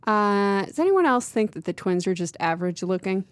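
A woman's voice: medium pitch, sing-song, moderate pace, dry recording. A woman co-hosting a casual chat, blunt and dry, swearing freely. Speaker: podcast co-host.

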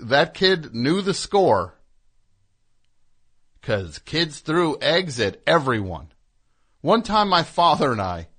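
A man from New Jersey hosting a comic call-in radio show, telling rambling stories with deadpan sarcasm. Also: on the high side.

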